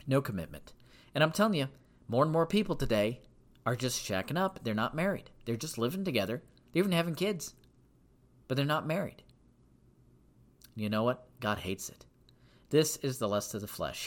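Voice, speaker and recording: Man, Bible teacher, sermon style, animated intonation, repeats words for emphasis. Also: medium pitch. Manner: emphatic, repeats phrases for stress; reads scripture slowly and deliberately.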